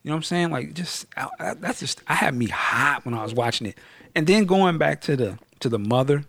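A man's voice: fairly high pitch, brisk, creaky, no room sound. A man hosting a podcast, talking casually and animatedly about a film, using slang and acting out what characters say. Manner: animated, slangy, acts out quotes. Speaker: podcast host reviewing a film. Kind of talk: casual movie review chat.

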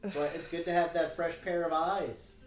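A man's voice: a little high, fairly even intonation, normal speed, roomy sound, faint music behind. A man hosting a podcast, teasing his guest in dry, casual movie commentary. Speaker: podcast host.

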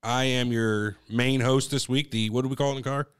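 A man's voice: medium pitch, fairly even intonation, fairly quick, clean tone. A man hosting a casual stoner podcast, joking and swearing freely. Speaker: podcast host.

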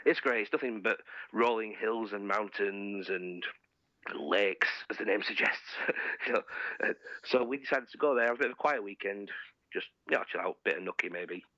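A man's voice: on the low side, moderate pace, bright, forceful tone, dry recording. A man telling a bawdy, sweary story in casual chat, laughing as he goes, on dull lo-fi podcast audio.

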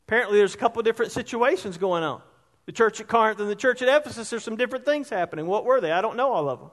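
High-voiced pastor preaching in a reverberant hall. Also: male voice, lively intonation, racing. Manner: conversational preaching, asks the congregation questions. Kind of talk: sermon. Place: church sanctuary.

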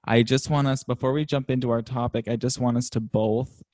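A man's voice: medium pitch, steady tone, fairly quick, darkish tone, dry recording. A young man co-hosting a podcast, chatting in a playful, chatty way. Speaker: podcast co-host. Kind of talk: casual podcast chat.

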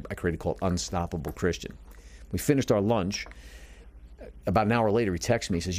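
A man's voice: low voice, darkish tone. A middle-aged man, a motivational speaker and business coach, telling his story earnestly in a radio interview and acting out the dialogue he quotes. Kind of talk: conversational storytelling.

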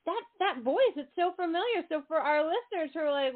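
A woman hosting an interview show, bubbly and quick to laugh, talking eagerly with her guest. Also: very high voice, animated. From United States. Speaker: host. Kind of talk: casual interview chat. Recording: tinny phone-like sound.

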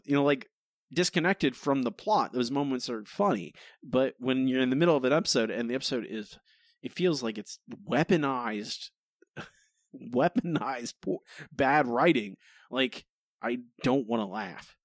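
A man co-hosting a podcast, talking in animated, exasperated runs and slipping into mock voices. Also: medium pitch, moderate pace, no echo, clean studio sound. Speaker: podcast co-host. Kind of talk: casual podcast chat.

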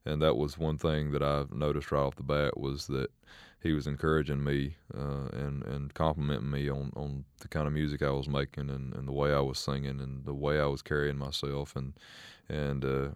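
A man as a country singer guest in a casual interview, talking in a halting, measured way with many fillers. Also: extremely low pitch, fairly even intonation, clean tone, no echo, clean studio sound.

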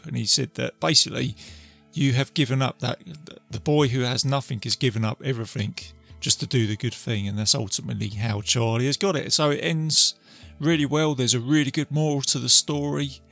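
Gravelly man recapping a film. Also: medium pitch, brisk, a bit bright, soft background music. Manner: rambling retelling with many fillers. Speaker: film reviewer. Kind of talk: casual film recap to camera.

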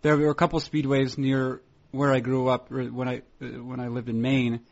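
A man's voice: medium pitch, completely flat delivery, normal speed, gravelly. A man chatting casually as a podcast co-host, rambling with restarts and laughs. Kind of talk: casual chat. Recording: dull lo-fi recording.

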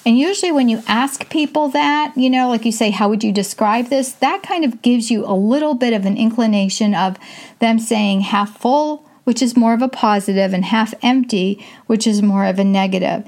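An older woman speaks in a casual, chatty manner as she hosts an advice talk. Her voice sits slightly high for a woman. She fills her sentences with "you know" and often rushes through phrases in quick bursts. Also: darkish tone. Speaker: host.

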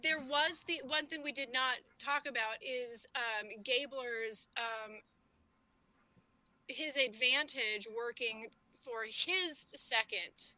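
A woman co-hosting a casual chat, talking in quick, chatty asides. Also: on the high side, sharp tone, rough recording.

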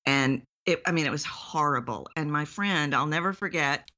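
A woman's voice: sits low, moderate pace, bright, forceful tone, muffled recording. A woman from Texas, a voice coach, talking earnestly as a guest in an interview. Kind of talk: podcast interview.

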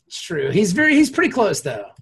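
A man's voice: high voice, huge pitch swings, fairly quick, a bit bright, slightly rough. A man chatting casually on a podcast, joking around with his co-hosts. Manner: jokey, slips into mock Canadian accent. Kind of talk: casual chat.

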